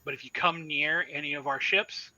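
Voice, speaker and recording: A man's voice: a little high, steady tone, moderate pace, sharp tone, dry recording, muffled recording. A man voicing a female blockade officer who speaks coldly and hard. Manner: cold and clipped.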